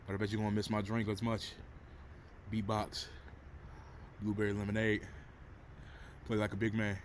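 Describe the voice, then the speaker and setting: A man doing an impression of a huge basketball star, with a slow, breathy drawl that sounds out of breath. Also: fairly low pitch, monotone, a little hiss or hum, natural voice. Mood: boastful.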